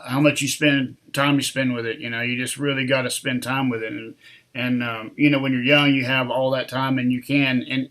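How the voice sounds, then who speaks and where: A man hosting an interview, asking loosely phrased questions in a relaxed, agreeing manner. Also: mid-range voice. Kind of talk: casual interview.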